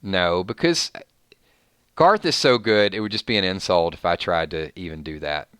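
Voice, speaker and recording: Chatty Southern man reading shout-outs. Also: low-pitched, moderate pace, clear, resonant tone, no room sound, studio quality. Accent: Southern American. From Georgia, US. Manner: chatty, reads viewer names, rambling restarts. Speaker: streamer host. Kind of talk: casual live-stream chat.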